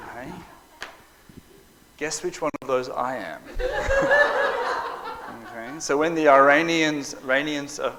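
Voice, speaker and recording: A middle-aged man telling personal stories to an audience at a Bible school, animated and joking, acting out the quotes. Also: mid-range voice, background noise. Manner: animated storyteller, acts out quotes, joking asides. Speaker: preacher. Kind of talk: storytelling talk to an audience.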